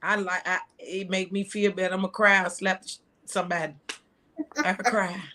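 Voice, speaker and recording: A woman's voice: mid-range voice, flat delivery, normal speed, bright, forceful tone. An older woman, a grandmother guest, talking reflectively in a casual chat.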